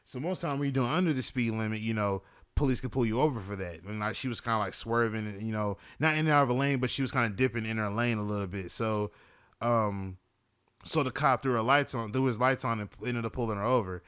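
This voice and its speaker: A man's voice: mid-range voice, fast talker, a bit bright, clear, resonant tone, no echo, clean studio sound. A man hosting a podcast in a casual monologue, rambling, swearing freely and often asking "you know what I'm saying". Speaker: podcast host.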